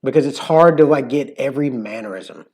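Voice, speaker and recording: A man's voice: medium pitch, fairly quick, darkish tone, a little hiss or hum. A man with a mild Florida Southern accent hosting a casual livestream, rambling with lots of fillers and restarts. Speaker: livestream host.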